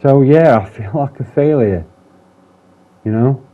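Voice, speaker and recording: A man's voice: mid-range voice, a little slow. A man talking candidly in a personal vlog, rambling, swearing often and restarting his sentences. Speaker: vlogger. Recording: dull lo-fi sound.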